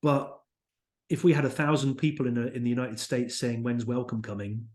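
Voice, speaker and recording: A man's voice: medium pitch, fairly even intonation, a little fast. A man with a British accent, a company founder and podcast guest, chatting enthusiastically and telling stories. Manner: enthusiastic, storytelling, acts out quotes. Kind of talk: casual interview chat. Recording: roomy echo.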